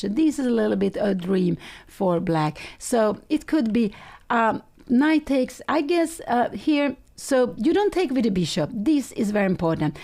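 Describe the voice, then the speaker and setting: A woman commentating a chess game live, thinking aloud and correcting herself, in non-native English with a slightly rough morning voice. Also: medium pitch, dark tone. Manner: analytical, thinking aloud with frequent self-corrections. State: slightly rough early-morning voice, clearing throat.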